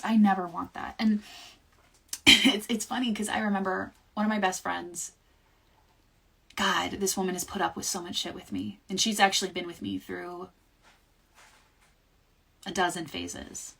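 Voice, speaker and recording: A young woman talking candidly and reflectively to her livestream audience, often trailing off to quieter words. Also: medium pitch, fairly even intonation, measured pace, gravelly, long pauses, breathy edge. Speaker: livestream host. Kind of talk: casual personal monologue.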